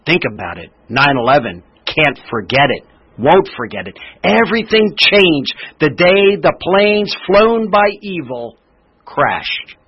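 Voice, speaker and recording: A man's voice: on the high side, sing-song, unhurried, slightly rough, dull audio. A male TV news reporter reading scripted narration with dramatic, emphatic delivery.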